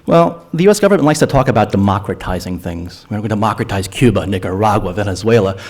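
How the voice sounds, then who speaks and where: At a public forum on drug policy in a lecture hall, a man argues earnestly, often restarting his phrases and repeating words as he does. His voice is lowish and animated, with a quick pace.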